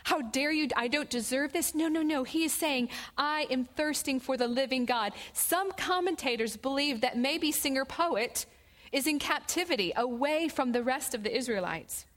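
Expressive woman teaching a Bible study. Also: sits high. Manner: expressive, slows down on scripture quotes.

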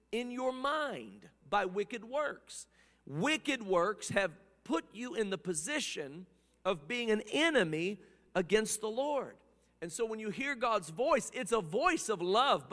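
Guy preaching, higher voice, gets all fired up then goes quiet, lots of echo tail. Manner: impassioned, swings from hushed to loud, repeats words. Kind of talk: sermon.

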